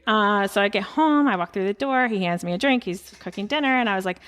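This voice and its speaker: On a farm porch, a horse farm owner guests on a podcast and tells a casual story, chatty, laughing often, and peppering it with "like." Her mid-range voice is fairly bright and she talks fast.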